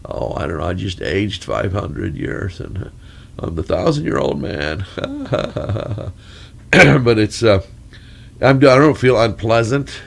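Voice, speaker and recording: A man's voice: on the low side, big pitch swings, slow, vocal fry, breathy edge. A man with a crackly, congested voice from a cold, rambling through a long mic check with corny jokes and wandering asides. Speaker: storyteller.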